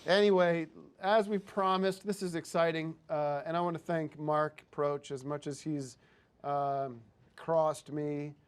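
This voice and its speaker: A man's voice: on the high side, fairly even intonation, unhurried, smooth. A man hosting a comedic live show, bossy, blunt and profane as he directs a performer. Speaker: host.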